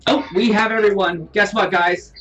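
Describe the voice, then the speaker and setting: A woman's voice: medium pitch, fairly even intonation, normal speed, faint music behind. Chatty woman hosting a race stream. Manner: chatty, laughing, playful asides. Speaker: race host and commentator. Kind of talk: live sim racing commentary. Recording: distant mic with faint noise.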